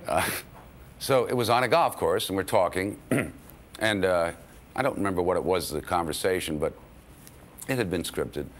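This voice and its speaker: A man's voice: low-pitched, expressive, normal speed, pauses often, a little hiss or hum. A man being interviewed about a film he acted in, telling an anecdote with chuckles. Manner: storytelling, chuckling. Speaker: actor recalling a film.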